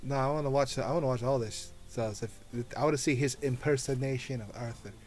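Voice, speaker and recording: A man's voice: mid-range voice, fairly even intonation, quick pace, a little mellow, faint music behind. A man playing a tabletop game, dry and teasing with his friends. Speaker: player. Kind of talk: tabletop role-play chat.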